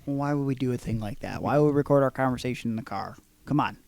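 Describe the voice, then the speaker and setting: A man hosting a podcast, telling stories in a casual, animated, profane way. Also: medium pitch, quick pace, gravelly, dry recording. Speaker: podcast host. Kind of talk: casual chat.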